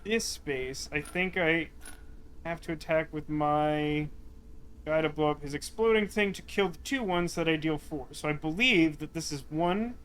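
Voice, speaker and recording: Male streamer, casual play-by-play, thinks aloud and mutters; high-ish, bright tone. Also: measured pace, a little hiss or hum. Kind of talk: casual gameplay commentary.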